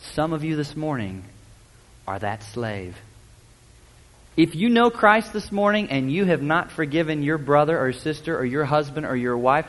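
High-voiced preacher in a reverberant hall. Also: male voice, moderate pace. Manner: preaching, swings from loud to hushed. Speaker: pastor. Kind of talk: sermon.

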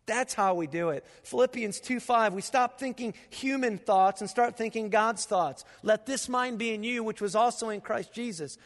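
A man preaching a sermon as pastor, telling stories with animated sound effects in a church auditorium. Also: high-pitched, moderate pace, few pauses. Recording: long reverb of a large auditorium.

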